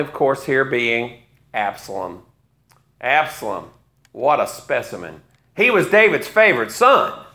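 A man's voice: fairly high pitch, pushed and bright. A man in his fifties preaching a sermon, retelling a story with wry asides. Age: 50s.

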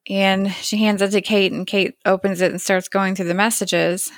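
Chatting casually as a podcast co-host, this woman walks through a TV episode scene by scene and voices the characters' lines herself. Her medium-pitched delivery stays fairly flat and moderately paced, with no echo in the recording.

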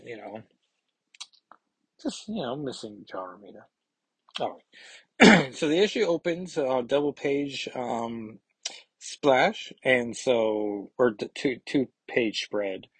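A man's voice: medium pitch, slightly rough, no echo, poor audio. A man hosting a podcast, chatting casually and hesitantly, with many fillers and restarts. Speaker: comics podcast host.

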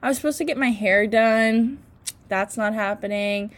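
A woman's voice: fairly high pitch, normal speed. A young woman co-hosting a podcast in casual chat, laughing often and self-deprecating. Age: young adult. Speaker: podcast co-host.

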